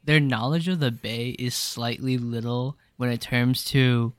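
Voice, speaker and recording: A man's voice: mid-range voice, steady tone, unhurried, dry recording, studio quality. A young man from the San Francisco Bay Area co-hosting a podcast, chatting casually and playfully with frequent laughs and lots of "like.". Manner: laughs often, playful, filler-heavy. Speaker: podcast co-host. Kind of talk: casual chat.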